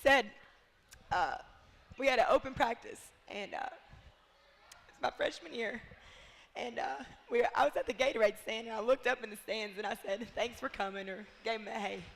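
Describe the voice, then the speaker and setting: A woman's voice: on the high side, a little fast, long reverb tail, slight background noise. A young woman basketball player speaking heartfeltly in a casual radio interview, close to tears at times. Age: young adult. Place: bar and grill.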